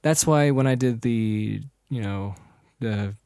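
A man hosting a casual chat, talking in a lively, easy way. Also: medium pitch, slow, smooth, no echo, clean studio sound.

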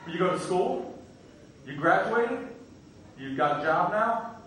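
A man's voice: high voice, sing-song, takes it slowly, a bit bright, slight background noise. A man doing stand-up comedy in a club, brashly teasing the crowd with crude jokes, heard from far off in an echoey room.

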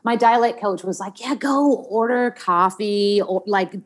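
An Australian woman with acting training appears as a podcast guest, chatting casually in a lively, laughing way. She swears offhandedly while attempting an American accent, speaking in a mid-range voice at a measured pace.

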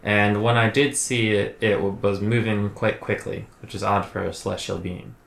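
A man's voice: fairly low pitch, steady tone, moderate pace, gravelly, a bit bright. A man playing his character in a tabletop game, polite and hesitant. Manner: hesitant, polite, lots of fillers. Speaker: player. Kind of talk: in-character tabletop role-play. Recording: roomy echo.

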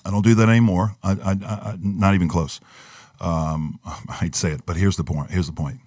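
A very low-voiced man talking as a pastor on a podcast, telling his story earnestly and sometimes acting out the doubting voice in his head. The sound is dry and close, with no room around it. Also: fairly even intonation, fairly quick, darkish tone, no echo. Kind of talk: podcast conversation.

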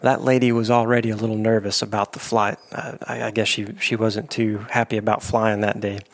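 A man's voice: on the low side, little pitch movement, fairly quick. Easygoing man telling a story. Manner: storytelling, frequent restarts and fillers. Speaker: animal trainer. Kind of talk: casual interview chat.

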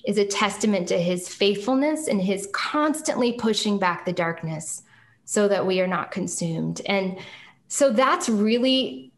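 A middle-aged woman, a singer-songwriter guest on a podcast, telling her personal testimony in an earnest, reflective way and slowing down on key phrases. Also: mid-range voice, expressive.

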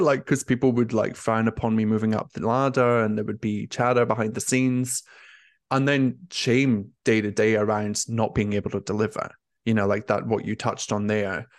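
A man's voice: fairly low pitch, no room sound, studio quality. A young man, a nurse turned career coach, talking openly and emotionally in an interview, with lots of "like" fillers. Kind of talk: candid conversational interview.

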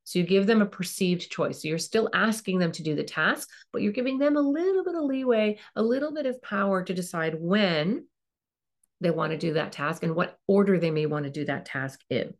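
A woman's voice: fairly low pitch, animated, brisk. A woman hosting a parenting podcast, giving earnest coaching advice and acting out what a parent might say. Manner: earnest, coaching tone, acts out parent and child lines; emphatic repetition. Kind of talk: advice monologue.

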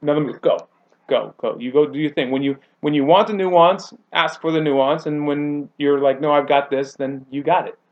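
A grappling coach chats casually on a podcast, an animated storyteller who acts out quoted people with big pitch jumps. He speaks at a moderate pace, and the audio sounds dull.

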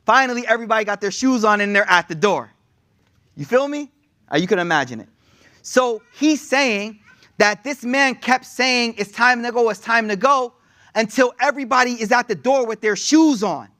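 A man with a high voice teaches a religious lesson in a loose, chatty way. He reads passages at a quick clip and then unpacks them in plain slang. He sounds like he is talking with friends. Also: fairly bright tone. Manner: slangy and conversational, reading Arabic quotes quickly then explaining them.

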